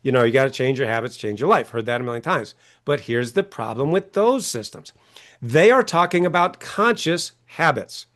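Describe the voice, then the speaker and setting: This author and coach is a man appearing as a guest in animated interview talk, emphatic and prone to asking "right?" while acting out quoted voices. He has a medium-pitched, expressive, fairly bright voice and a moderate pace.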